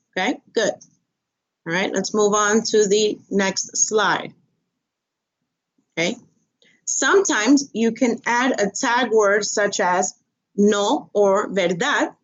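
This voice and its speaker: Woman teaching spanish online, patient, unhurried, muffled lo-fi audio, computer mic. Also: medium pitch. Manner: slow, patient, repeats phrases with exaggerated question intonation. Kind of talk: online language lesson. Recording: dull lo-fi audio.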